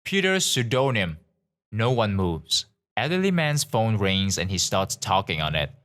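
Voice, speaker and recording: Lively male story narrator. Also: fairly low pitch, measured pace. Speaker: narrator of online stories. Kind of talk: reading forum stories aloud.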